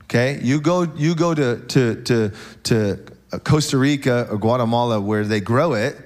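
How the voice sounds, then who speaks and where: Male pastor, mid-pitched voice, lively joking sermon delivery in a church. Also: moderate pace. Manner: animated, joking with the congregation, frequent "okay?".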